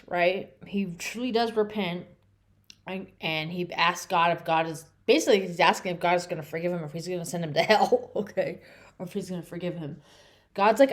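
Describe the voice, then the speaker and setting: Chatty woman retelling bible stories. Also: on the low side. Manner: chatty, lots of "okay?" and "right?". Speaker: bible series host.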